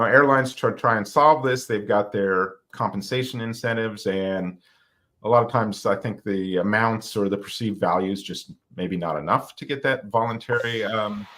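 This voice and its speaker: A man's voice: fairly low pitch, fairly bright tone. A man co-hosting a business podcast, giving background in a conversational way and putting questions to his co-hosts. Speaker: podcast co-host. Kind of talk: casual podcast discussion.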